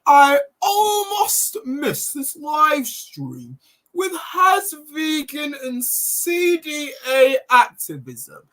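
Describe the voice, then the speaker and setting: A man doing a high-pitched impression of a fellow woman vegan activist, squealing and overexcited. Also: big pitch swings, very slow, fairly bright tone, exaggerated voice, rough recording. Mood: gushing.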